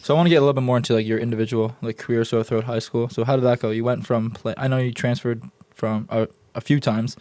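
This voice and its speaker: Male podcast host, rapid casual questions, mid pitch. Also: fairly even intonation, a little mellow. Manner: quick, loose questions with fillers.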